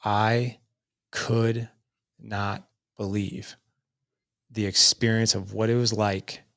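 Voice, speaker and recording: Gravelly middle-aged man, earnest guest. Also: lowish voice, flat delivery, slow pace, a bit bright, no echo, clean studio sound. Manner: earnest, loose and conversational with frequent "like" fillers. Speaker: podcast guest. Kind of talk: casual storytelling in an interview.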